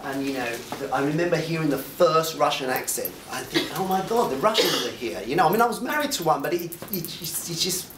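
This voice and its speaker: A man tells stories to an audience in a loose, rambling way, chuckling and circling back over his words. His voice sits a little high for a man. He sounds set back from the microphone in a reverberant room. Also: lively intonation, fairly quick, few pauses, noisy background. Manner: rambling, chuckling, frequent restarts. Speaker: guest speaker, jewellery designer. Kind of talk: casual anecdotal talk to an audience. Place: lecture room. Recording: echoey room, mic at a distance.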